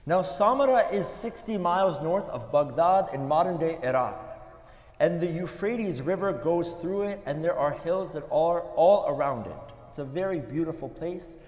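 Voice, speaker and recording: A man's voice: on the high side, animated, darkish tone. Earnest man preaching in an echoey hall. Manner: earnest, storytelling with pauses, some restarts. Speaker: speaker at a religious gathering. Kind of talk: sermon storytelling. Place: mosque hall. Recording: echoey hall with long reverb.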